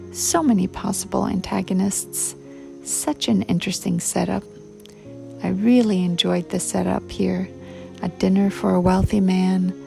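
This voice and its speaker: A woman judge giving spoken feedback and praise on student stories in a measured way. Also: mid-range voice, vocal fry, mellow. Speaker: contest judge.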